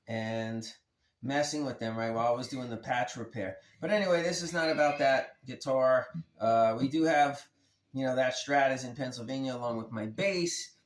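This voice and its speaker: Man, casual rambling vlog, slangy, middle pitch, echoey room. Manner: laid-back, rambling, slangy. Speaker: guitar channel host.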